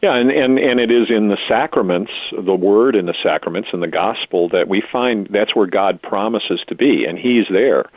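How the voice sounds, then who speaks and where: Deep-voiced man over a tinny line. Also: no echo. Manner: measured, earnest, with hesitations. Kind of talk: casual theological discussion. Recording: tinny phone-line audio.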